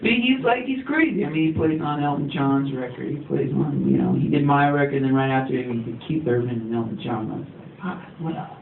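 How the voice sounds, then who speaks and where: A man's voice: medium pitch, expressive, fast, vocal fry, hardly any pauses. A man talking as a musician guest in a casual interview, rambling and laid-back with lots of fillers. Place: recording studio. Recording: tinny, echoey, distant, faint hiss.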